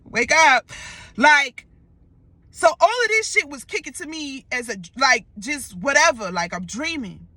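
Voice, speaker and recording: A young woman animatedly retelling a wild dream in a casual vlog, swearing and slangy. Her voice sits high and bright. The sound is close and dry. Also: animated, unhurried, no echo. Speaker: storyteller vlogger.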